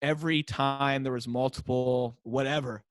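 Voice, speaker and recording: An American man, a high school teacher, telling classroom stories in a casual interview and acting out the kids' voices. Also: moderate pace, dry recording. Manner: animated storyteller, acts out kids chanting. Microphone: wearing a mic.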